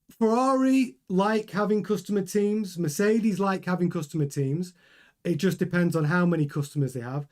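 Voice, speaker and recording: A man's voice: high-pitched, darkish tone. Chatty male live-stream host. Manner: chatty and thinking aloud, with frequent fillers and self-corrections. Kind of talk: casual live-stream chat, reading viewer comments.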